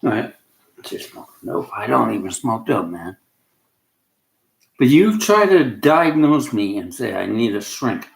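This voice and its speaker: A man's voice: mid-range voice, sing-song, takes it slowly, gravelly. Agitated rambling man, echoey room. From Canada. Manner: rambling, agitated, breaks off mid-sentence. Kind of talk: agitated rant to camera.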